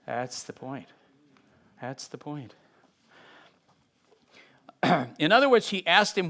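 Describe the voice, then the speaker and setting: Man, middle-aged, Bible teacher, higher voice, animated, reads aloud then explains. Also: takes it slowly, long pauses. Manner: animated, acts out scenes with sudden shifts in loudness.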